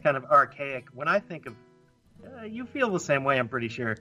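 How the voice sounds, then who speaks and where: A man co-hosts a relaxed comedy podcast, his voice bright and forward. He muses aloud and often trips into restarts. Soft music plays faintly behind him. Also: medium pitch. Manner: musing, hesitant, halting restarts. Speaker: podcast co-host. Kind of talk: casual comedy chat.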